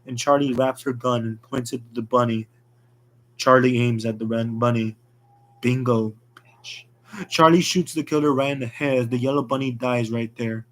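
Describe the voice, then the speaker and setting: A man's voice: mid-range voice, fairly even intonation, fairly quick, fairly bright tone. Man narrating a fan story plainly.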